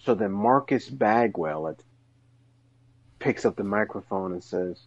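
A man's voice: measured pace, pauses often, no room sound. A man co-hosting a casual podcast, talking animatedly and rambling through long questions. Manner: animated storyteller, rises high when excited. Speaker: wrestling podcast co-host.

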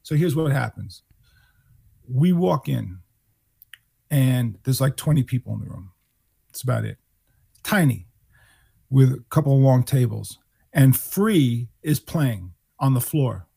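A man in his sixties from New York, a guest musician telling animated stories and acting out the people he quotes. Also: medium pitch, measured pace, vocal fry, long pauses, slightly rough. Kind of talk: storytelling interview.

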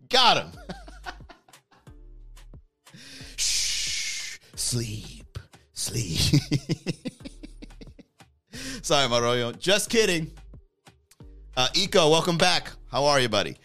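A man's voice: a little high, very animated, slow, pauses often, sharp tone, faint music behind. A man hosting a livestream in casual chat, joking and rambling and laughing often. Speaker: livestream host.

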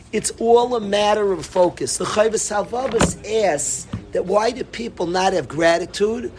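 A middle-aged man giving an animated Torah talk to students, repeating himself and bursting into emphatic calls. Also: high voice, slight background noise. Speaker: yeshiva rabbi.

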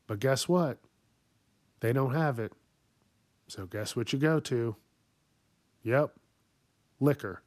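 Dude ranting on his podcast, cussing nonstop and cracking himself up, slow drawn out delivery. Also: medium pitch, no room sound. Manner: swears constantly, riffs and laughs at his own jokes. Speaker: podcast host. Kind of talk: profane comedic rant.

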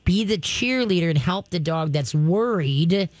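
A woman's voice: fairly low pitch, lively intonation, unhurried, no echo. A woman hosting a call-in pet advice radio show, chatty and folksy, coaching callers on dog behavior. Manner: chatty, folksy, acts out coaxing voices to the dog.

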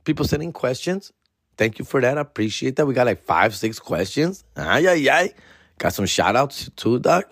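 A podcast host rambles through a story alone at home, full of "fool" and "dog". He is animated and slips into Spanish, doing higher voices for family. The sound is dry and close. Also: normal speed, slightly rough, dry recording. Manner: slangy, peppered with "fool" and "dog", switches into Spanish. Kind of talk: casual storytelling monologue.

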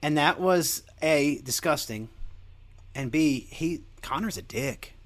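A young man talks in a loose, rambling way and drifts between jokes and crude asides. His pitch swings lively from low mutters to sudden high bursts. It sounds like a casual show monologue. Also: a little slow. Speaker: podcast host.

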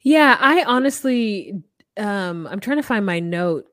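A woman's voice: mid-range voice, expressive, takes it slowly, a bit bright, no room sound, studio quality. A woman from the United States co-hosting a podcast, talking in a blunt, sarcastic way and swearing freely. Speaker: podcast co-host. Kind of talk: casual chat.

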